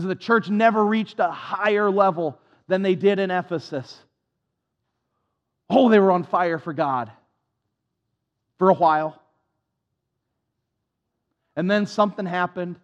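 A man's voice: sits high, long reverb tail. A man preaching a sermon as pastor, impassioned and repetitive, with a self-deprecating touch, on a dull lo-fi recording.

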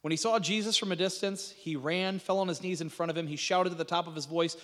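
Male pastor, high-pitched and animated, preaching in a reverberant church hall. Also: quick pace, few pauses. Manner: conversational preaching with frequent restarts and rhetorical questions. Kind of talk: sermon.

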